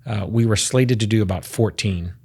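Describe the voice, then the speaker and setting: A man's voice: on the low side, normal speed, mellow, husky. A man speaking as a guest on a podcast, emphatic, piling up figures and restarting his words. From United States. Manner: emphatic, statistic-heavy, repeats words when starting. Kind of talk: casual podcast interview.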